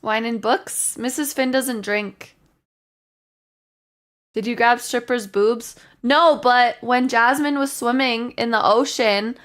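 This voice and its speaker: A woman's voice: on the high side, steady tone, takes it slowly, fairly bright tone. Chatty young woman rambling on stream. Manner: rambling storytelling with many likes and ums. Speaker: livestreamer. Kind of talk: casual chat with stream viewers.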